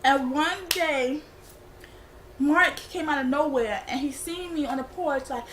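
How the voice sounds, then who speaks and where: A woman's voice: high voice, normal speed, a bit bright, slight background noise. A young woman telling a rambling, slangy storytime for her vlog. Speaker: vlogger. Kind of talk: casual storytime.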